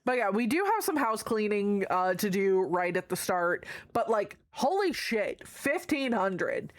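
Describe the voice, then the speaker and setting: Unhurried but very animated, a woman with a mid-range voice chats casually on her live stream, with no echo. She calls out viewers by name with affection and curses freely as she reads the chat.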